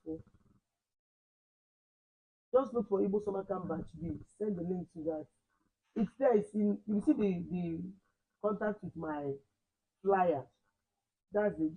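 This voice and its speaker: A man teaching a language lesson online, repeating words slowly and correcting his pupils. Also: high voice, phone-quality sound.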